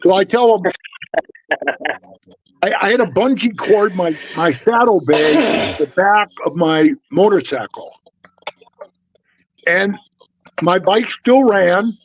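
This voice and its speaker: A middle-aged man tells stories in a loose, blunt way, swearing freely and calling his listener "bro". His voice sits high for a man. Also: darkish tone, poor audio. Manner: blunt, profane, keeps saying "bro". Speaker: former motorcycle club member telling stories. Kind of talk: casual storytelling chat.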